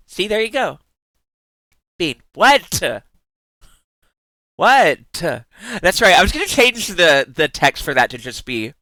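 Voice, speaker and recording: Giggly, rambling male streamer, bright voice. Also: on the high side, dry recording. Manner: giggly, rambling, playful asides with many restarts. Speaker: live streamer. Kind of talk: casual stream chat.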